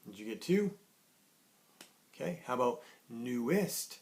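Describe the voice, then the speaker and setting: A man teaching young children in an online lesson, cheerful and patient, slowly sounding out words. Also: mid-range voice, very animated, a little mellow. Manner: cheerful, sings a greeting song, slow clear sounding out of words.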